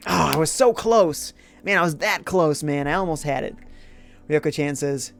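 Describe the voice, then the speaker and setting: Male game streamer, casual and chatty, slightly high voice, gravelly edges, faint music underneath. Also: normal speed. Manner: upbeat, reads chat comments aloud and jokes. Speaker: streamer playing a retro game. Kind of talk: casual live-stream chat.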